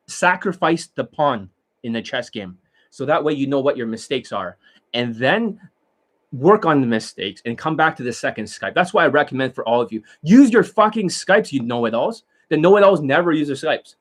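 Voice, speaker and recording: A man, a dating coach from Canada, talking to his students in a blunt, rambling, profane monologue and scolding them. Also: mid-range voice.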